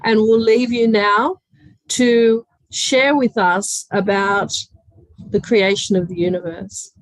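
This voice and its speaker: A woman hosts a casual chat, thanking her guests with light laughter. Her voice sits at a middle pitch. The sound is dry, with no room echo. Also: steady tone, takes it slowly. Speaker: host.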